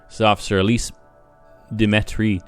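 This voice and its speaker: A man's voice: lowish voice, level tone, brisk, clean tone, soft background music, natural voice. A man voicing a polite female police radio dispatcher with a courteous, formal manner.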